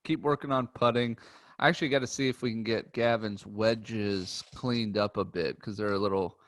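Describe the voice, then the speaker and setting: Relaxed chatty American man co-hosting. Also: on the low side, moderate pace. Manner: relaxed, chatty, says um often. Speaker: podcast co-host. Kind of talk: casual chat.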